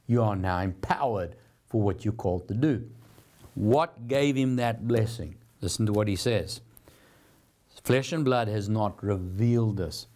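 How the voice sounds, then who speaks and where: A man's voice: on the low side, a little mellow. A man hosting a televised Bible teaching program, preaching in an earnest, encouraging, conversational way.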